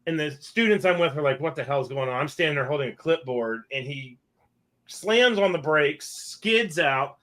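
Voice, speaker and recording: A man co-hosting a podcast, telling an animated, excitable story full of acted-out dialogue and laughter. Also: a little high, moderate pace. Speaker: podcast co-host. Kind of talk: casual chat, animated anecdote.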